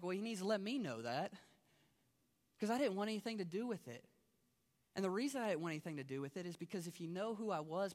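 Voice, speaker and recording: Man, high voice, testimony sermon, storytelling, loud then hushed, long reverb. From Kentucky. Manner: storytelling, swinging from loud and excited to quiet and low. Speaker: pastor giving his testimony.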